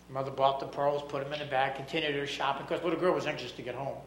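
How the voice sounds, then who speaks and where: A man preaching, telling a story with dramatic swings from loud to hushed. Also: mid-range voice, quick pace, hardly any pauses, echoey room, slight background noise, poor audio. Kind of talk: sermon storytelling.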